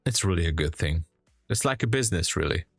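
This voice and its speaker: Man, trading livestream host, sleepy, rambling casual chat, lowish voice, faint music behind. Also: expressive, fast, vocal fry, slightly rough, no echo, clean studio sound. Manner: rambling, loose and chatty. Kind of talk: casual live stream chat.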